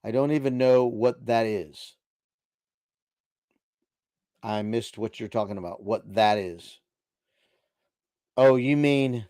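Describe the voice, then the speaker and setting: A man's voice: mid-range voice, takes it slowly, pauses often, dark tone, clear, resonant tone, dry recording, studio quality. A middle-aged man hosting a casual late-night livestream, reading viewer chat aloud into a desk microphone in a chatty, laid-back way. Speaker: livestream host.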